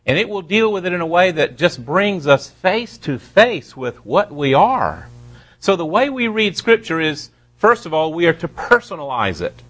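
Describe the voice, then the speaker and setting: A pastor preaching a sermon to his congregation, slowing down to stress key words and dropping playful asides. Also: a little high, a bit bright.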